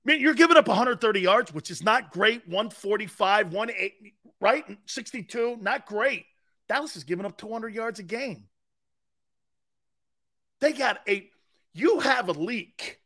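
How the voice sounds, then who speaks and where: Sports talk host, male, excitable and emphatic, bright sharp voice. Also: measured pace. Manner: excitable, emphatic, swings between shouting and low asides. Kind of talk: animated sports talk monologue.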